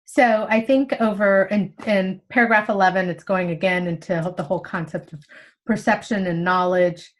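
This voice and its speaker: A woman's voice: mid-range voice, normal speed. A woman explaining a spiritual text in a casual, conversational way, acting out inner thoughts as she goes. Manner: animated, conversational, acts out inner monologues. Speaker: spiritual study teacher.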